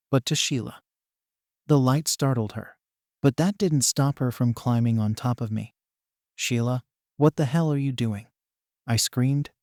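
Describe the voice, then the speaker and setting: A man narrating a first-person story in a steady, even read. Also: medium pitch, no room sound, studio quality.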